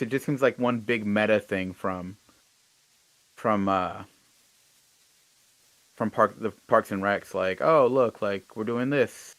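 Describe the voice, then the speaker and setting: A young man with a mid-range voice co-hosts a casual online show, reading out gaming news and tossing in sarcastic, animated asides. His volume swings from loud to soft.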